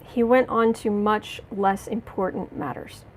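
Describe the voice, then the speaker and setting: A woman hosting a live tarot stream, reading cards and answering chat, angry but trying to stay calm, halting with fillers and restarts. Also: medium pitch, slight background noise. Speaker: tarot reader and livestream host.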